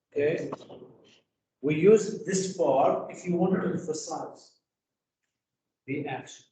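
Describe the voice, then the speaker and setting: A man teaching an English grammar lesson, asking the class rhetorical questions and filling pauses with "you know". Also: a little high, mellow, distant mic, a little hiss or hum. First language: Arabic. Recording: echoey classroom taped from afar.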